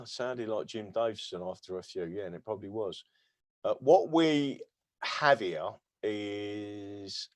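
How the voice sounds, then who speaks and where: A man's voice: on the low side, no echo. Rambling, jokey English man. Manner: rambling and jokey, stammering with many fillers. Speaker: livestream host. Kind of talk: casual livestream chat.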